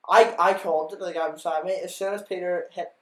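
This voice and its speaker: A young man chats keenly as a podcast guest, his voice sitting a little high. He often repeats words as he talks. The room around him sounds echoey. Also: fairly even intonation, a little fast, fairly bright tone. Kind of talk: casual chat.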